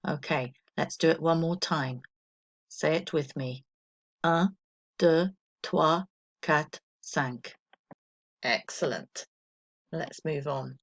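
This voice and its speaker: Deep-voiced, a woman leads primary school children through a recorded French lesson. She counts slowly for them to repeat, staying patient and encouraging throughout.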